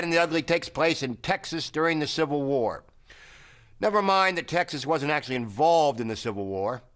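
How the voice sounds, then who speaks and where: A man narrating a satirical film history in a sardonic, deadpan way. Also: on the high side, poor audio. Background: film score music.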